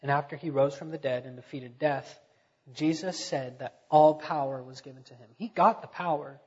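A man's voice: on the high side, steady tone, moderate pace, husky. Preaching man in an echoey hall. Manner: preaching with swells in volume, then dropping quiet. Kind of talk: sermon. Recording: dull echoey sanctuary recording.

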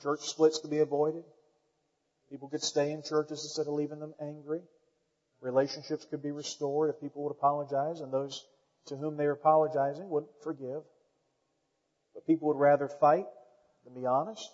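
A man's voice: a little high, little pitch movement, normal speed, pauses often. Man preaching in a reverberant church. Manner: emphatic preaching with rising, loud emphasis; calls out to the congregation. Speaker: pastor. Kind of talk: sermon. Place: church sanctuary. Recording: dull lo-fi sound with long hall reverb.

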